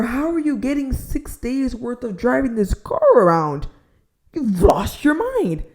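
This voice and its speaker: Exasperated young woman ranting, mellow voice. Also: fairly high pitch, sing-song, measured pace. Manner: exasperated, heavy use of "like", drops to a near-whisper to avoid shouting. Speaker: storytime vlogger. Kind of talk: casual storytime rant.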